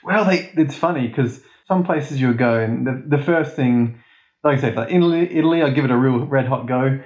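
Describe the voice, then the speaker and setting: A man's voice: mid-range voice, fairly quick. Australian male guest, rambling casual chat, lots of laughter; echoey, lo-fi recording. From Perth, Australia. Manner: rambling, laughs often, self-mocking. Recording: echoey, dull lo-fi sound.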